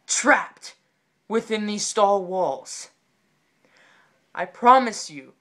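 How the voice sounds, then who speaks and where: Man playing a high, yelping, panicked stall guy who bargains slowly and solemnly. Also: sharp tone, exaggerated voice.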